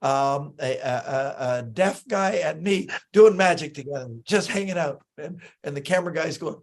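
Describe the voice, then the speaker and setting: Male guest-host, high voice, lively anecdotal storyteller who acts out dialogue. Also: moderate pace. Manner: animated storyteller, acts out quoted lines, many fillers and restarts. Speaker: magician telling stories on a talk show. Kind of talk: casual anecdotal chat.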